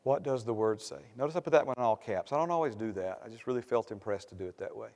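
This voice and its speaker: A man's voice: mid-range voice, expressive, fast, darkish tone. A man preaching a sermon as pastor, building to emphatic bursts and repeating refrains. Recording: long hall reverb.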